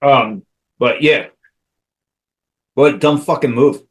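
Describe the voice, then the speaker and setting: A laughing man who swears freely as he co-hosts a podcast. His voice sits at an ordinary pitch, and the banter is loose and crude, full of jokey asides. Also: takes it slowly. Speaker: podcast co-host.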